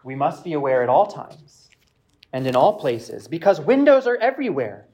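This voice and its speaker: A man preaching, reading a reflective passage aloud in a measured way with pauses. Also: a little high, big pitch swings, a little mellow. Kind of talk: sermon with read-aloud passage.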